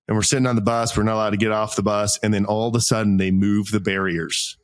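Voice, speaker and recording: A man co-hosting a podcast, telling a long self-mocking anecdote in a casual, animated way, acting out what people said. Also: fairly low pitch, fast, few pauses, dry recording. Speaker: podcast co-host. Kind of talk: casual storytelling chat.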